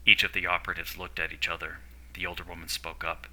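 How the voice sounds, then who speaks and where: A man narrating a story in a steady, descriptive way. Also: low-pitched, fast, low-quality recording.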